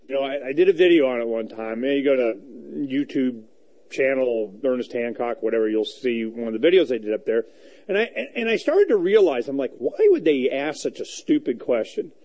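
A man hosts his talk show while traveling, wandering through an anecdote with plenty of fillers and false starts. His voice sits a bit high and swings around animatedly, never settling into a flat delivery. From United States. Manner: rambling and animated, full of fillers and restarts. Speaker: radio talk show host. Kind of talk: casual talk show monologue. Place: on the road, traveling.

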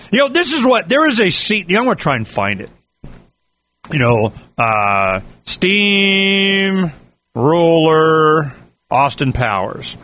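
A man delivering a rambling political monologue, full of fillers and animated asides. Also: fairly high pitch. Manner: animated, repetitive fillers, mimics yelling.

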